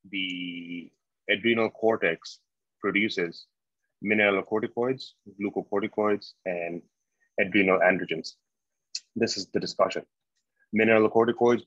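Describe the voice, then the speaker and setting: A man giving a medical exam prep lecture, slow and repetitive, quizzing his students as he goes. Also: lowish voice, no echo. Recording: dull, dry lo-fi lecture recording.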